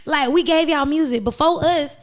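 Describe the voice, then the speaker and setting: An American woman hosting a podcast, talking in an animated, emphatic, preachy casual chat. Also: high-pitched, moderate pace. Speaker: podcast host.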